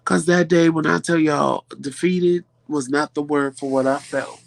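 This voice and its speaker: A woman hosting a vlog, telling viewers a story in a casual, animated way and often repeating phrases for emphasis. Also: low-pitched, measured pace, creaky, dry recording. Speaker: vlog host.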